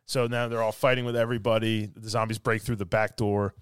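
A man on a podcast who recaps a film scene by scene in casual chat. He rambles, laughs often, and acts out lines in loud, silly voices. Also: on the low side, little pitch movement, fast talker, clean tone, no echo, studio quality. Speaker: podcast co-host.

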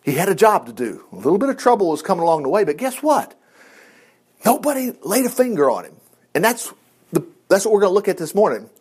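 A man gives a casual, folksy sermon. He reads scripture aloud and breaks in with his own comments. His voice sits high and swoops widely as he talks. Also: very animated, fast talker, darkish tone, slightly rough. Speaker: preacher.

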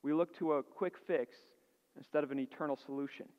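An earnest male pastor preaching with a fairly high voice, building up emphasis and asking rhetorical questions. His voice rings with a long hall echo, and the recording is dull. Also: steady tone, brisk. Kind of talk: sermon.

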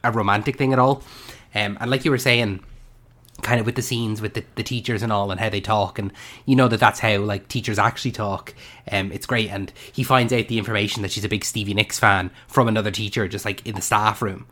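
A young man chats about a film on a podcast. His voice sits low, and he talks with lively enthusiasm, jumping into the characters' lines as he goes. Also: fairly quick. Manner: animated, acts out scenes from the film. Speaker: podcast co-host. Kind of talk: casual film discussion.

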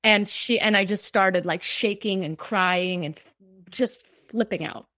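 A woman's voice: mid-range voice, measured pace, sharp tone, dry recording, studio quality. A woman guest telling a personal story in conversation. She speaks in a heartfelt, rambling way, full of fillers. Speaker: cancer survivor guest.

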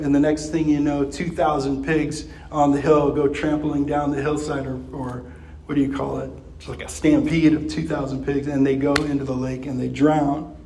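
A man's voice: darkish tone, a little hiss or hum. A man preaching a sermon in a conversational way, with chuckles and fillers. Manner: acts out quoted voices with pitch jumps. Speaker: pastor.

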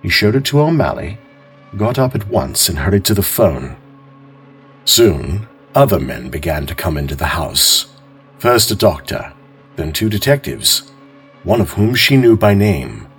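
Male mystery storyteller, low voice, animated delivery, soft music bed. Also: slightly rough. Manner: measured, expressive storytelling. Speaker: host and narrator. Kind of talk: calm mystery story narration.

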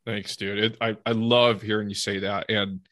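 A man hosting a podcast, talking in a relaxed, conversational way as he explains his views. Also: lowish voice, moderate pace, no echo, clean studio sound. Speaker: podcast host. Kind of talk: casual podcast chat.

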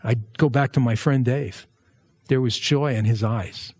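A male pastor preaching a verse-by-verse sermon in a conversational way, with jokey asides and lively emphasis. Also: medium pitch, measured pace, breathy edge, no room sound, clean studio sound.

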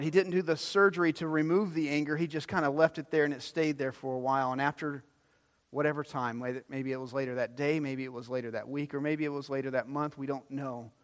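Preaching man in a reverberant hall. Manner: animated storytelling, swings from loud emphasis to hushed low lines. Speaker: pastor. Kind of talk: sermon.

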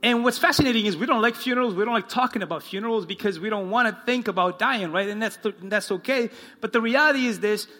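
A man preaching a sermon as pastor to his congregation, slowing down and dropping his voice low for the quoted lines. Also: bright, forceful tone. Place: church in front of a congregation.

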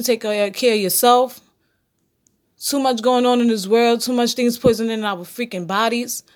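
Solo podcast host, woman, blunt and preachy, swears freely, slightly raised pitch. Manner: blunt, preachy, profane, talks straight to listeners. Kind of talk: casual solo podcast monologue.

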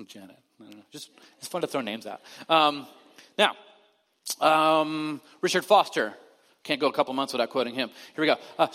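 A male pastor delivers a casual, conversational sermon. He moves between loud, pressing emphasis and soft, near-quiet stretches. His voice carries a long reverb from a church hall. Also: a little high, animated, moderate pace, long pauses.

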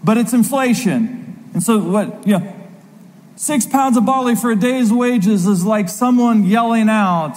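A man preaching a sermon, reading scripture aloud dramatically with slow, emphatic stresses. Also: high-pitched, a little mellow. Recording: long reverb of a large hall.

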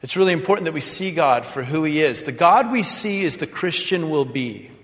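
A man preaches with a dramatic flair, slipping into mock prayers to make his point. His voice sits a little high for a man. The sound carries a long reverb, as in a large church sanctuary. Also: animated, fairly quick, a bit bright. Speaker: pastor. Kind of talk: sermon.

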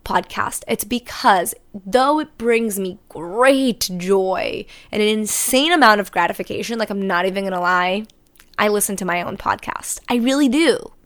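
A woman's voice: medium pitch, moderate pace, a bit bright. Candid rambling woman podcast host. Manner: candid, rambling, self-correcting, casual swearing. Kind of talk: unscripted solo podcast monologue.

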